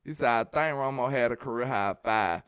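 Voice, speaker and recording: A man from Alabama, hosting a casual sports live stream, reading viewer messages and joking in a sing-song, animated way. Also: medium pitch, a little fast, clean tone, no room sound, studio quality.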